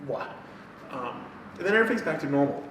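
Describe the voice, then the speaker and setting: A man's voice: medium pitch, very animated, fast, a bit bright. Profane man recapping a book, echoey room. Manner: profane, retells plot acting out characters' lines. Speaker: podcast co-host. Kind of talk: casual book-review chat. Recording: echoey room from a distant mic, faint noise.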